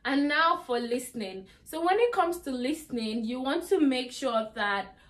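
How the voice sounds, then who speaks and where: A woman's voice: sits high, expressive, moderate pace, fairly bright tone. A young woman giving exam tips in a chatty vlog, with lots of "like" and "you know". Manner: chatty, repeats "like" and "you get me". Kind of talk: casual talk to camera.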